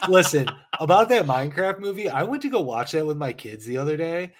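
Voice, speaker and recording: A man's voice: fairly high pitch, sing-song, brisk, slight background noise. A father co-hosting a casual comedy podcast, ranting and swearing freely about movies and prices. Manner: profane, ranting. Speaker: podcast co-host.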